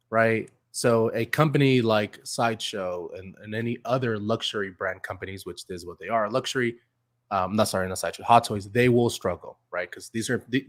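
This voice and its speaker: A man's voice: fairly low pitch, no room sound, studio quality. A man giving blunt, profane opinions in a casual podcast chat. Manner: blunt and profane, reasons things out. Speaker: podcast guest.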